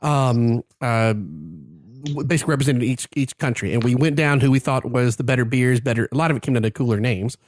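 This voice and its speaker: A man's voice: medium pitch, lively intonation, a little fast, few pauses, no room sound, clean studio sound. A man co-hosting a podcast, chatting casually, joking and tripping over names. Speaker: podcast co-host. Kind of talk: casual chat.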